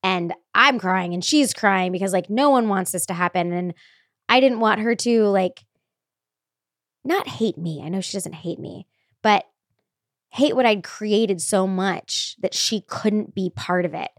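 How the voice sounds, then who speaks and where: A woman in her thirties hosting a podcast, telling candid stories in a lively, chatty way with lots of fillers. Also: mid-range voice, unhurried, no echo, studio quality. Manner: candid, animated storyteller with frequent fillers. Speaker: podcast host. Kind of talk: casual podcast chat.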